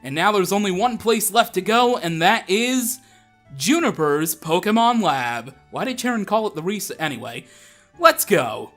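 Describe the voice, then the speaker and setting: A man's voice: sits high, big pitch swings, measured pace, a bit bright, soft background music. A young man hosting a Let's Play, chatting casually and laughing as he plays. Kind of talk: casual gameplay commentary.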